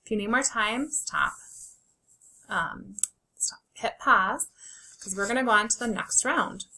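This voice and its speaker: A woman teaches young children to read, sounding out each word slowly and clearly. Her voice is bright and forward, and she encourages the class warmly as friends. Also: on the high side, poor audio. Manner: slow, clear sounding-out of words. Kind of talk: early reading lesson for children.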